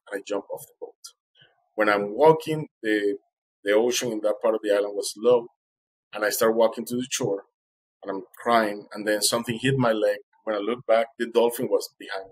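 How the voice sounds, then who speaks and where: Husky-voiced male guest, heartfelt storyteller, acts out the quotes. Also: on the low side, steady tone, fairly quick, low-quality recording. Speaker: interview guest. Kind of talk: emotional first-person storytelling.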